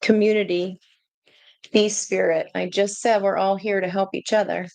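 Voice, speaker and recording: A woman giving a casual tarot reading to her viewers, chatty and excitable, breaking into gushing exclamations. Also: mid-range voice, normal speed, gravelly, no room sound. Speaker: tarot reader.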